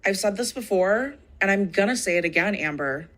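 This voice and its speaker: A woman in a played stream clip, speaking bluntly and in a measured way. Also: medium pitch, animated, fairly bright tone.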